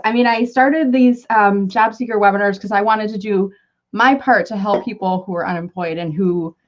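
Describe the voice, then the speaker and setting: Unboxing a gift on a live video, a middle-aged woman who works as a marketing consultant chats off the cuff and gushes effusively. She speaks at a moderate pace in a mid-range voice, over slightly dull lo-fi audio.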